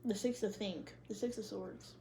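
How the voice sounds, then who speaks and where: A woman's voice: mid-range voice, fairly even intonation, normal speed, gravelly, background noise. A young woman, doing a casual tarot reading in loose, profane slang and laughing often. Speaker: tarot reader.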